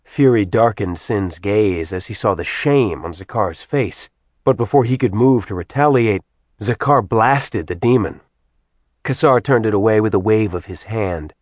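A man reading a fantasy novel aloud in an even, measured narration. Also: on the low side, no room sound. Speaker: audiobook narrator. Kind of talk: scripted narration.

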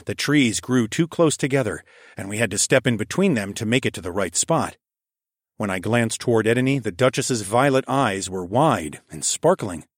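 A man narrating a first-person audiobook in a calm, measured way. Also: fairly low pitch, no echo, studio quality.

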